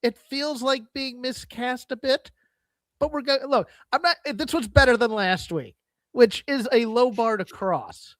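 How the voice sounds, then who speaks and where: A man co-hosting a wrestling podcast, giving his opinions in animated casual chat with stammering restarts. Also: extremely high pitch, unhurried, no echo, studio quality. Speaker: podcast co-host.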